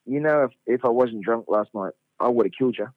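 A middle-aged Australian man, a fighter guest, telling a story in a casual, animated way, laughing and swearing freely. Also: mid-range voice, fast, no echo. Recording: dull lo-fi radio sound.

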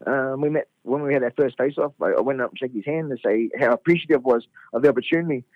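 A middle-aged Australian man, a fighter guest, telling a story in a casual, animated way, laughing and swearing freely. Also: mid-range voice, fast talker, no echo. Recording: dull lo-fi radio sound.

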